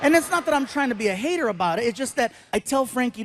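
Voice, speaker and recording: High-voiced man doing stand-up. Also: brisk, few pauses. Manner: animated storytelling, acting out voices. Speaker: stand-up comedian. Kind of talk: stand-up comedy routine.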